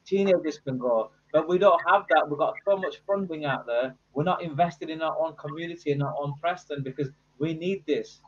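A man's voice: a little high, brisk, hardly any pauses. A man speaking as a counsellor on a panel discussion, earnest and thoughtful. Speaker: guest, counsellor. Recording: dull lo-fi call audio.

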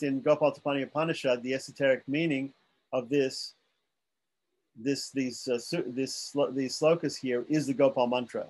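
A man teaching from scripture, reading passages aloud and then explaining them patiently, often checking that his listeners follow. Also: medium pitch.

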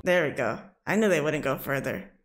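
A woman's voice: low voice, animated, brisk. Young woman, movie reaction host, chatty, emotional, exclaiming, faint music behind. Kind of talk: casual reaction commentary.

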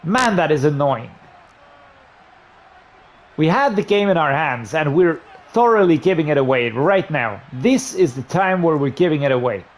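A man with a somewhat high voice calls plays in a football video game. He swings from low muttering to loud, exasperated, swearing outbursts. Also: expressive, moderate pace. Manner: frustrated, ranting and swearing at the game. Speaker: gaming YouTuber. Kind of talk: gameplay commentary.

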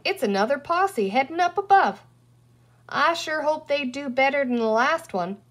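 A woman's voice: high voice, animated, moderate pace, fairly bright tone, voice pushed up. Woman doing a pompous fat little green man. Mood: chatty. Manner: pompous, cowboy drawl.

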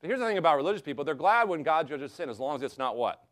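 A man's voice: fairly high pitch, sing-song, very fast, a bit bright. A man from the American South leading a Bible study as a seminary professor, speaking earnestly and conversationally with many rhetorical questions. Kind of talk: classroom Bible study lecture.

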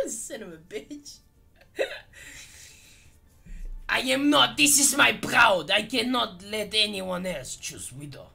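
A man commentating his gameplay in a put-on French accent, excitable and swearing, into a gaming headset. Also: high voice, slow pace, gravelly, long pauses, faint music behind. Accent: fake French accent. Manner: excitable, swearing, breaking into shrieks and laughter. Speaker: gaming video host.

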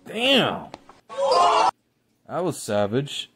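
Slow-talking man reacting to memes. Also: mid-range voice, big pitch swings, over loud music. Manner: exclaims and laughs at clips. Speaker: reaction video host. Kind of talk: casual reaction commentary.

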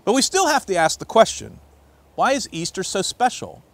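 A man preaching as a pastor, reading scripture aloud and telling stories in an expressive way, swinging between loud and hushed. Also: sits high, normal speed, creaky, no room sound.

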